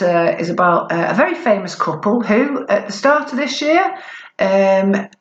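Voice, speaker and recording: A woman performing spoken-word poetry in a slow, deliberate, expressive way at a live gig. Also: medium pitch, roomy sound, lo-fi sound. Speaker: performance poet.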